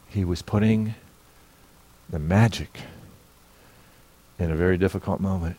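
A pastor in his sixties preaching a sermon as an animated storyteller who swings from quiet reflection into loud, excited telling. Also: sits low, unhurried, pauses often.

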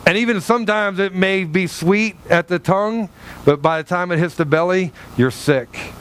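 A male pastor preaching a sermon in an animated way, acting out little dialogues with God. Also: high voice, moderate pace, slight background noise.

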